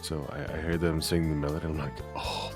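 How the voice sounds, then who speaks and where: A man's voice: extremely low pitch, a little fast. A man who composes music, chatting casually and telling stories with lots of laughter. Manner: animated storyteller, laughs often. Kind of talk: casual chat.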